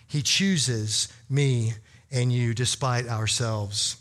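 A man's voice: high-pitched, moderate pace, a bit bright. A man preaching in a humorous, conversational way, telling a story to his congregation with lots of "you know" fillers. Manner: addresses the congregation directly. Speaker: pastor. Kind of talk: storytelling sermon.

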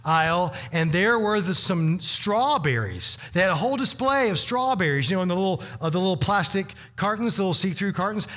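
A man's voice: high voice, big pitch swings, a little fast, hardly any pauses, fairly bright tone. A man preaching in a humorous, conversational way, telling a story to his congregation with lots of "you know" fillers. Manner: addresses the congregation directly. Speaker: pastor. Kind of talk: storytelling sermon.

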